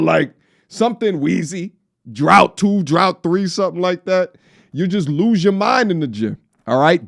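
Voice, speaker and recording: In a high-pitched, creaky, expressive voice, a thirtysomething Long Islander chats unhurriedly while reacting to a video on his stream. He has a faint New York accent, jokes around in slang, and bursts into song now and then, on a dry, clean studio recording.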